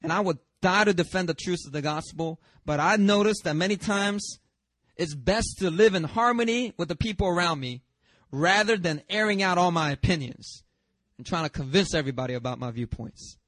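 A pastor preaching a sermon in a lively, conversational way, with self-deprecating humor and chatty asides. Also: male voice, high-pitched, normal speed, dry recording, studio quality.

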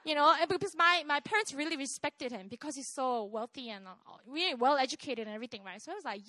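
A young woman, telling a personal testimony in an animated way, laughing often and checking in with "right?". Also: high-pitched, quick pace, few pauses, no echo. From South Korea. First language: Korean. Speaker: speaker sharing a testimony.

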